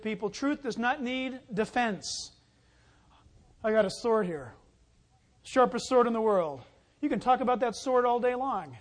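A pastor with a high voice delivers a sermon, alternating between scripture reading and a lively personal story. At the story's climax he calls out loudly.

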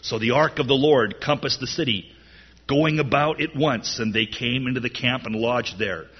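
A man preaching a sermon in an animated way, his voice rising loud on key lines. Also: medium pitch, normal speed, breathy edge, dull audio. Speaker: pastor.

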